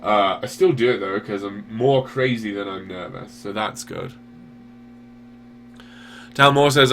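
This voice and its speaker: A man's voice: on the low side, unhurried, long pauses, fairly bright tone, slight background noise. A man hosting a show, answering viewer questions in a rambling, profane, self-deprecating way. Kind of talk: casual chat.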